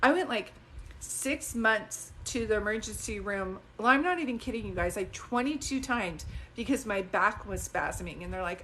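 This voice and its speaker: A woman psychic talks casually to her live-stream viewers in a chatty, digressive and animated way, into a phone. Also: a little high, moderate pace, a little hiss or hum. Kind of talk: casual livestream talk to viewers.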